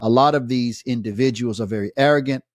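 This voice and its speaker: Here is a man speaking at a middle pitch, measured and critical as he comments on a clip, and he often stops to restart a thought. The sound is dry and close, with no room around it. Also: no echo. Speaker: imam reacting to a debate clip. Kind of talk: reaction commentary.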